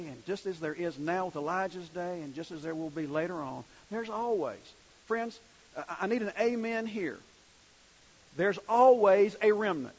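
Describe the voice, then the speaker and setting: A man's voice: high-pitched, a little mellow, highs cut off, slight background noise. A male preacher giving a sermon in a conversational way, asking the congregation questions as he reads scripture.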